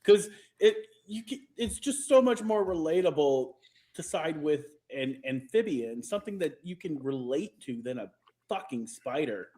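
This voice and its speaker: A man co-hosting a podcast with a casual, animated delivery and the odd curse. His voice is a bit higher than most men's and swings up and down a lot. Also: moderate pace. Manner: animated, swears. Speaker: podcast co-host.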